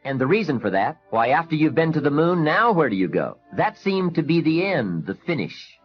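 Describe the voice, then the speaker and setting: Brief: male speaker, instructive and measured, expressive pitch. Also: highs cut off. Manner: measured, directive, guiding a list exercise. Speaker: motivational speaker. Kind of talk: instructional motivational talk.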